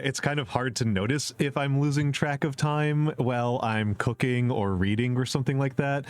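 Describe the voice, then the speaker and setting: A man streaming a casual question-and-answer chat, opinionated and repeating his points for emphasis, with many fillers. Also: fairly low pitch. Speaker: VTuber streamer.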